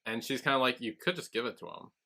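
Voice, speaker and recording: A quick-paced, creaky, medium-pitched male voice belongs to a podcast co-host casually recapping episodes. As he retells them, he acts out the characters' lines with animation.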